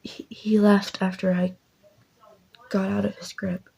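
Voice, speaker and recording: A woman's voice: mid-range voice, little pitch movement, unhurried, creaky, darkish tone, husky, poor audio. A woman voicing a frightened, hesitant mother who stammers, in whispered role-play. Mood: shaken.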